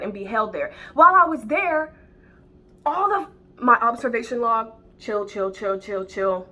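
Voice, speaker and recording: A woman's voice: fairly high pitch, bright, forceful tone. A woman who calls herself a psychic medium, ranting to camera in a heated, profane, rambling way with many restarts. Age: adult with children. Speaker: self-described psychic medium. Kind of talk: unscripted rant to camera.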